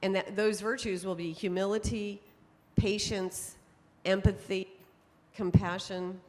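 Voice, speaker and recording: A middle-aged woman giving a conference talk to an audience, telling stories in a lively way and laughing often. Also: mid-range voice, measured pace. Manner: lively storytelling with frequent laughs. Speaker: speaker on temperament psychology. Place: conference hall. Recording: long hall reverb.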